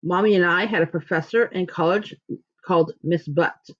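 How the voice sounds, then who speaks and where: A woman's voice: lowish voice, normal speed, fairly bright tone. A woman reading a storybook aloud, voicing a playful, joking father in an upbeat way, on a dull lo-fi recording. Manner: jokey, upbeat.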